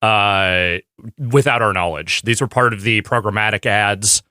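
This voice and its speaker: A man with a low but bright, forceful voice makes wry asides in a casual podcast chat. The recording is close and dry. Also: unhurried, clean tone, dry recording. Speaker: podcast co-host.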